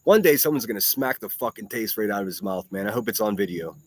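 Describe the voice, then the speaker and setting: A man's voice: lowish voice, animated, quick pace. A man hosting a solo livestream podcast, ranting and hurling mocking, profane insults at critics. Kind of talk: ranting commentary reacting to clips.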